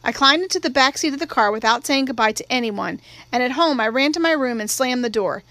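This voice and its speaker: A woman reading a novel aloud in first person, with a measured, wry storytelling manner. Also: sits high, lively intonation, pushed and bright, dry recording. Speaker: audiobook reader. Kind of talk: first-person literary narration. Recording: dry, close studio read.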